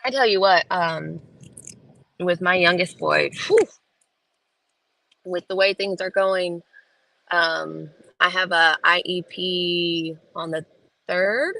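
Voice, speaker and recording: Speaking slowly with frequent pauses, this woman has a fairly low voice with vocal fry and a bright, forceful tone, recorded roughly on her phone. She's chatting with live viewers from a parked car in a school pickup line, homey and rambling with many fillers.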